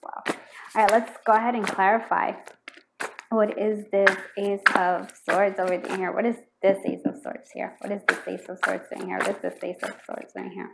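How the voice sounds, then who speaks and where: On a very noisy recording, a woman with a gravelly, mid-range voice speaks at a normal speed during a pick-a-card tarot reading. She rambles with fillers and restarts, mutters the same questions as she pulls cards, and perks up excitedly whenever one fits her read.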